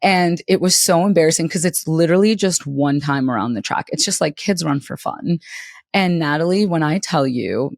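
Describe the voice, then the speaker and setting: A young woman co-hosting a podcast, telling stories in a casual, giggly, animated way. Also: low-pitched, normal speed, gravelly, dry recording, studio quality. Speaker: podcast co-host. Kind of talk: casual chat.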